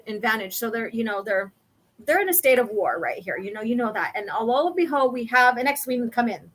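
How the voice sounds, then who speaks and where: A woman hosting a casual chat, walking through comic pages and reading lines aloud with many pauses. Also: fairly high pitch, fairly bright tone. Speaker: host.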